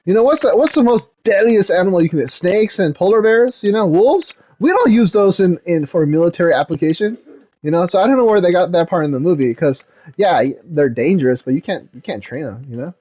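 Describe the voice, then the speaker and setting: A man's voice: sits high, animated, a little fast, mellow. A man talking casually as a dad vlogger, retelling a movie in a rambling way, full of fillers like "like" and "um.".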